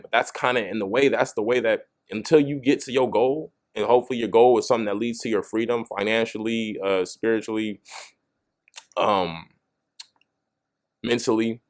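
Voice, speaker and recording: A man's voice: on the low side, fairly even intonation, normal speed. A young man talks straight to camera in a loose, casual motivational style. He keeps circling back with "you know what I'm saying" and restarts lines as he thinks aloud. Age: young adult. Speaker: motivational video host.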